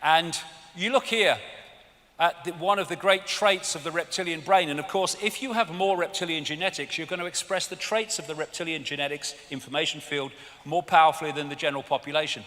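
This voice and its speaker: High, bright-voiced English man lecturing. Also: a little fast. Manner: animated, mocking, swears freely. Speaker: seminar speaker. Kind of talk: live seminar lecture. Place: lecture hall with audience. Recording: long hall reverb, faint audience.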